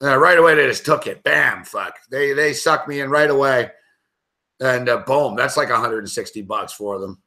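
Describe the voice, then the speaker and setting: A man's voice: medium pitch, moderate pace. A young man telling a rambling story on a chat show, swearing constantly as he talks. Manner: rambling, animated anecdote telling. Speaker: show panelist.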